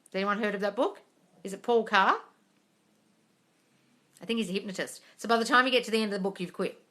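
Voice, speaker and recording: Woman host on a phone live stream, blunt and brassy, bright cutting voice, swears, calls everyone darling. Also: mid-range voice, fast. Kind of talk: casual live chat reading viewer questions. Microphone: phone mic on a live stream.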